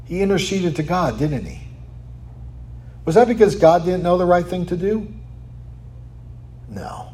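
Preaching man, animated, fairly high voice. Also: a little slow, pauses often. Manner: animated, rhetorical questions, many "right?" asides, drops to quiet for emphasis. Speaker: pastor. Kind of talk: sermon.

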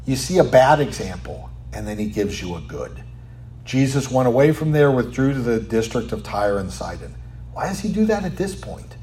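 A man preaching a sermon, asking rhetorical questions and tagging lines with "right?", sometimes dropping to a quiet, almost whispered tone for emphasis. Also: mid-range voice, very animated, moderate pace, slight background noise. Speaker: pastor.

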